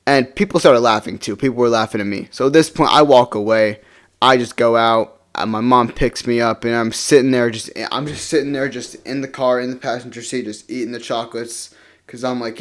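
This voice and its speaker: A man's voice: mid-range voice, brisk. Man, casual storytime vlog, mid-range voice, rambling restarts, sinks to a mumble, face-cam monologue. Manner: rambling with many restarts, drops to a near-mumble when glum. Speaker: vlogger. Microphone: face-cam setup.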